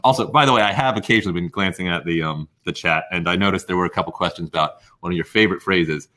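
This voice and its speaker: Bright-voiced young male moderator. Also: sits low. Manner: brisk, nudges the talk along and reads the chat. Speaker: co-host and moderator. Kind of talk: live web class moderation.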